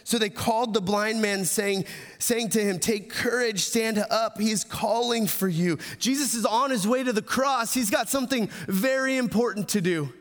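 A man preaching a sermon, retelling a scripture passage with frequent restarts, building to urgent emphasis and falling to a hushed close. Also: high-pitched, normal speed, big-room sound. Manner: repeats words and restarts, grows louder and more urgent, then drops soft. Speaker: pastor.

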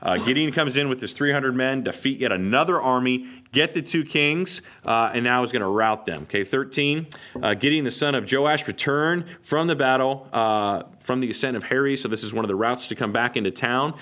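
A man with a medium-pitched voice teaches a Bible study at a normal speed, keeping it casual and joking. He's lively and often checks in with his listeners by asking "okay?".

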